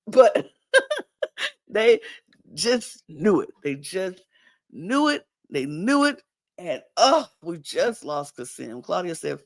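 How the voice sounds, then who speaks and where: A woman's voice: fairly low pitch, measured pace, no echo. A woman hosting a casual podcast, animatedly retelling a reality show episode and acting out the cast's lines. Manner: animated retelling, acting out cast members' quotes. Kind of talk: casual recap chat.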